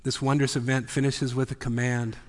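A man preaching a sermon, swinging from full voice down to hushed whispers. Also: medium pitch, flat delivery, brisk, in a large hall. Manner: dramatic, drops often to a whisper. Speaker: pastor. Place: church sanctuary.

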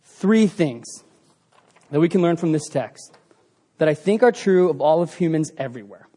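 A man preaching a sermon, telling the story with animated sound effects and swinging between loud bursts and hushed passages. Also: a little high, normal speed.

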